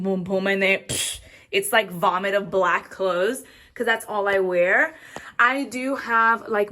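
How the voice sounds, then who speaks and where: A young woman chats her way through a walk-in closet at home, casual and slangy, tossing in the odd Spanish phrase. She sounds a little out of breath as she moves around. Her voice sits at an ordinary middle pitch. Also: a bit bright. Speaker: vlogger. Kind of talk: casual chat.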